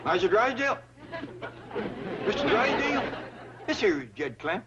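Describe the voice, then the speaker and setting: An actor playing a good-natured, slow-spoken older hillbilly with a rural Southern drawl, on an old sitcom soundtrack. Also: male voice, high-pitched, big pitch swings, noisy background. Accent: American Southern rural. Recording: dull old TV soundtrack with faint crowd.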